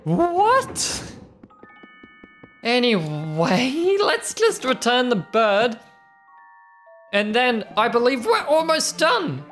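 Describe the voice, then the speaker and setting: Lively high-voiced woman, playful game commentary. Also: takes it slowly, soft background music. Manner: playful, chatty, reads game dialogue aloud. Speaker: let's play host. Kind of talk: gameplay commentary.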